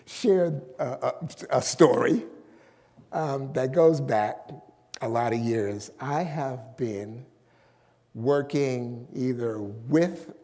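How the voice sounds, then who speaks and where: A man preaching a sermon as pastor, slowly and emphatically, stretching out key words. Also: a little high, darkish tone, in a large hall.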